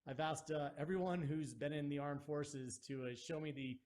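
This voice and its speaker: A man's voice: a little high, steady tone, moderate pace, darkish tone. Upbeat male interview host. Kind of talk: interview hosting.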